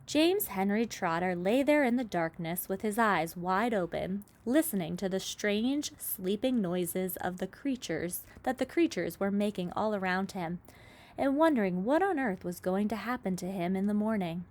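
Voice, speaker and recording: Storybook narrator, woman, mid pitch, lively and expressive. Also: normal speed. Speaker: reader. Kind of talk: storybook read-aloud.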